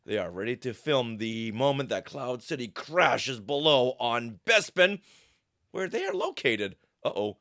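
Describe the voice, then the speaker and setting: A man co-hosting a casual podcast, recapping a comic and reading lines aloud with animated, laughing delivery. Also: medium pitch, unhurried.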